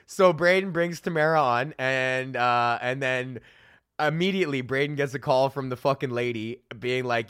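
A man's voice: medium pitch, normal speed, fairly bright tone, clear, resonant tone, no room sound, studio quality. A man hosting a comedy podcast, telling a rambling, profane story with frequent laughter. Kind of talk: casual storytelling rant.

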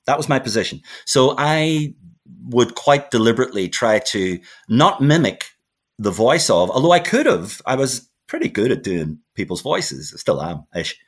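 A man's voice: mid-range voice, sing-song, normal speed, slightly rough. A man, a podcast guest telling stories of his radio voice work in a reflective, meandering way. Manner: reflective storyteller, frequent restarts and asides. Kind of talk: casual chat.

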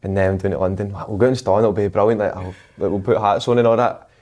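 Scottish male guest in his 20s, lower register, rapid anecdotes, chatty. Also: fairly even intonation, darkish tone. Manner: chatty storytelling, laughs often. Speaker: guest footballer. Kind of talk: casual chat.

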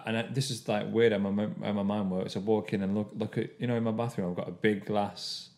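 Rambling man, low-pitched. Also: fairly even intonation, a little fast, a little mellow. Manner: rambling, restarts his stories. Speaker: podcast co-host. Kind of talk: casual chat.

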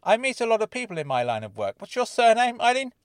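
A man voicing an eager, chatty freelance reporter in an audiobook, talking in an animated, jovial and theatrical way. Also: extremely high pitch, quick pace, clear, resonant tone, dry recording, studio quality, pitched above the performer's own voice. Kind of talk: audiobook character voice.

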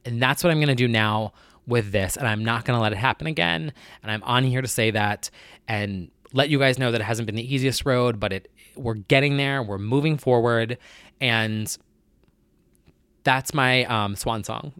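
A man's voice: medium pitch, normal speed, a bit bright, clear, resonant tone, dry recording, studio quality. A man talking candidly to his viewers in a personal vlog, with a nasal voice and an earnest, rambling way of talking that keeps correcting itself. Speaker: vlogger.

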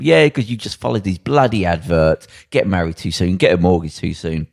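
A man's voice: deep voice, moderate pace, creaky, few pauses, a little mellow, no room sound, studio quality. A young man co-hosting a casual podcast, telling blunt, rambling stories full of slang and mimicked voices. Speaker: podcast co-host.

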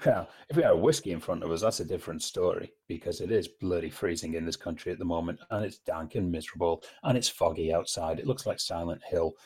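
A man from Britain with a fairly low voice opens a podcast episode in a wry, easygoing manner. He chats casually with his co-host about films. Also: fast talker, few pauses, a little mellow, slightly rough. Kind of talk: casual film podcast chat.

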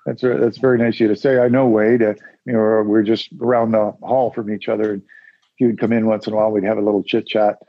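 A man's voice: fairly low pitch, little pitch movement, quick pace, dry recording, muffled recording. A man telling stories as an interview guest in a rambling, casual way, acting out the voices of people he quotes. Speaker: guest, musician and former radio announcer. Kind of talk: casual storytelling.

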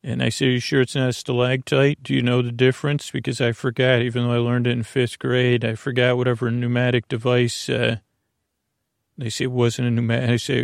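A middle-aged man hosting a sleep podcast, talking in a meandering, self-interrupting, soft and lulling way with a creaky voice. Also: mid-range voice, monotone, brisk, dry recording, studio quality. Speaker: podcast host. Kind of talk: rambling sleep podcast monologue.

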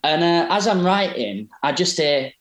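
A man, a poet guesting on a podcast, telling stories in an animated, rambling way with many restarts. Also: a little high, a little slow. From Derby, England. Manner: animated, rambling, self-interrupting. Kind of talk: casual storytelling interview. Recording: roomy echo.

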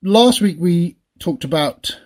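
A man's voice: high voice, expressive, slow, a little mellow. A man co-hosting a podcast, talking in a chatty, rambling way and laughing often. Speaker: podcast co-host. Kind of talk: casual chat.

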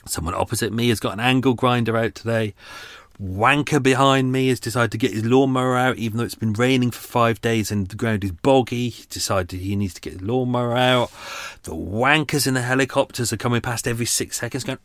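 A man's voice: mid-range voice, fairly even intonation, a little fast, fairly bright tone, dry recording, studio quality. A man hosting a podcast from his canal boat's front room, talking in an exasperated, muttering way. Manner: exasperated, swearing, muttering under his breath. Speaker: podcast host. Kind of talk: casual monologue. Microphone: home recording setup.

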